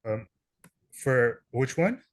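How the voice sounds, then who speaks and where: A man's voice: mid-range voice, very animated, drawn-out words, no room sound. Unsure male student answering in class, dry recording.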